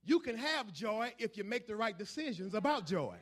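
High-pitched male preacher, call-and-response sermon, swings from low murmurs to shouting. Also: sing-song, moderate pace.

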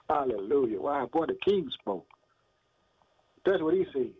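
A man's voice: medium pitch, big pitch swings, slow, phone-quality sound, slight background noise. Fiery radio preacher man, phone-thin sound. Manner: call-and-response preaching, rhetorical questions, frequent "boy" and "man"; laughs between phrases, shouts hallelujah. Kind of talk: radio sermon.

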